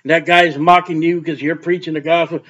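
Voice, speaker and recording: A man's voice: a little high, little pitch movement, quick pace, a bit bright, lo-fi sound. A man preaching a fervent sermon as a street preacher. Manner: fervent, mocking laughter when imitating scoffers.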